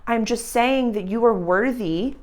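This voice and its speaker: A woman's voice: a little high, a little slow. Tender rambling woman astrology reader. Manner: affectionate, addresses the listener as dear and honey; occasional blunt swearing. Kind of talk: intuitive astrology reading to viewers.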